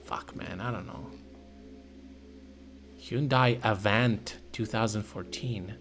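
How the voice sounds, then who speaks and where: Here a man with a medium-pitched, fairly bright voice casually comments live while scrolling car listings, swearing, using slang and exclaiming abruptly. A slight hiss or hum sits under the audio.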